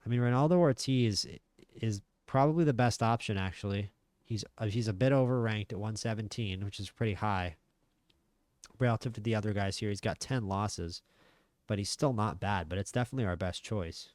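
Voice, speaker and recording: A man's voice: lowish voice, a little fast, darkish tone, no echo. A man giving casual let's-play commentary, thinking aloud with frequent restarts. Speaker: gaming channel host.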